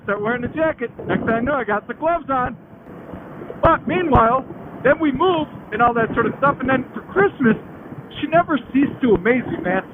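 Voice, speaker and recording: A man in his late thirties telling a rambling, slangy motorcycle story, laughing often and swearing freely. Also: very high-pitched. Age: late 30s. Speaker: motorcycle vlogger. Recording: tinny phone-like sound with faint noise.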